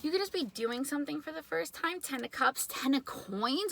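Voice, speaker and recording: A young adult woman giving a casual tarot reading indoors, excitable and chatty, shaky and nervous. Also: high-pitched, normal speed, creaky. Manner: excitable, chatty, many filler words. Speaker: tarot reader.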